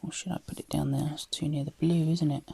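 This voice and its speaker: Muttering and chatting as she crafts, a woman with a light Cockney-tinged London accent keeps lapsing into whispers. Her deep voice is gravelly, dark and breathy, level in tone and quick in pace, and this vlog has no room sound.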